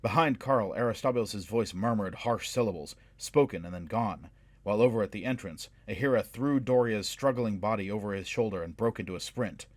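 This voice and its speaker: An audiobook narrator reads a scripted fantasy adventure in a measured, dramatic storytelling voice that sits fairly low. The recording is close and dry, with no room sound.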